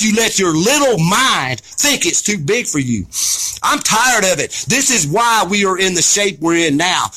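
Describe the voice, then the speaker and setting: A man's voice: high-pitched, animated, normal speed, bright, forceful tone. A man delivering an impassioned, preachy rant to camera, fiery, scolding, blunt and profane. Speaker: vlogger.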